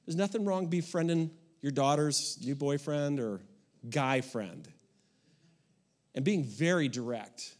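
A man's voice: fairly high pitch, lively intonation, a little slow, darkish tone. A middle-aged man preaching a sermon, in a folksy, emphatic way. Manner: folksy and emphatic, with rising and falling intensity. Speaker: pastor.

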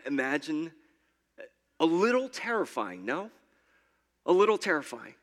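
Bright-voiced man preaching in a church. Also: on the high side, very animated, measured pace, long pauses. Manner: conversational, repeats words, stammers and restarts. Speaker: pastor. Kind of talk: sermon. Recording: long hall reverb.

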